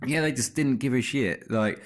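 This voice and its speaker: A man's voice: mid-range voice, normal speed. A man, co-hosting a podcast, casually telling jokey stories and laughing often. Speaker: podcast co-host. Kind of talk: casual chat, storytelling.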